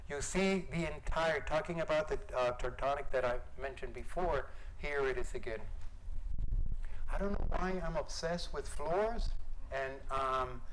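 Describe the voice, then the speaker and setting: A man giving an informal lecture about his art, talking in a halting, musing way with many pauses and fillers. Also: mid-range voice, a bit bright, a little hiss or hum, low-quality recording. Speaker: visiting artist giving a lecture.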